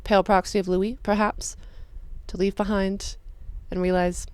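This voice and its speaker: A woman chatting casually about her own drawings, excitable and crude, with sudden loud bursts. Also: medium pitch, moderate pace, faint music behind. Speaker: video creator.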